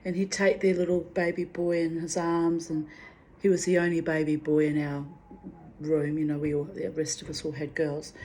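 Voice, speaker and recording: A woman's voice: sits low, level tone, moderate pace, mellow. A middle-aged woman recounting personal memories in a candid, rambling way. She talks frankly, swears freely and restarts her sentences often. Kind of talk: candid spoken reflection.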